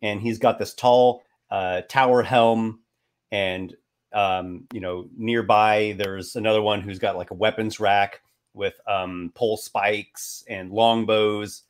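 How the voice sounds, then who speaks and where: A man acting as game master, narrating a tabletop game in a relaxed, halting way. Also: fairly low pitch, clean tone. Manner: relaxed, hesitant narration with fillers.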